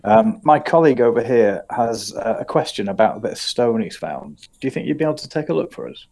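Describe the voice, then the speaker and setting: A woman's voice: extremely low pitch, animated, fast, warm tone. A woman playing in a tabletop game, speaking politely and a bit hesitantly. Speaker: player.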